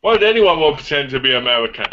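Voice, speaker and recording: A man's voice: mid-range voice, big pitch swings, very fast, background noise. An English man chatting and joking casually with friends, self-deprecating, on a dull lo-fi recording. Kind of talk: casual chat.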